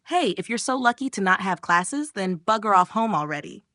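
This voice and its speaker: A woman voicing a hot-tempered younger sister who scolds loudly. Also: mid-range voice, lively intonation, moderate pace, no room sound, studio quality. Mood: angry. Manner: loud, snapping, scolding.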